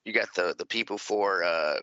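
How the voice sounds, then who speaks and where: A man's voice: low-pitched, normal speed, bright, forceful tone, dry recording. A man co-hosting a podcast, speaking wryly with many hesitations and fillers. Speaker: podcast co-host. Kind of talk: casual podcast banter. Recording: slightly dull, lo-fi mic.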